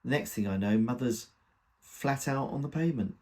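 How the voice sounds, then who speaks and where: Husky man reading a comic monologue. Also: medium pitch, moderate pace, darkish tone. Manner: wry, gossipy first-person telling. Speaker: reader.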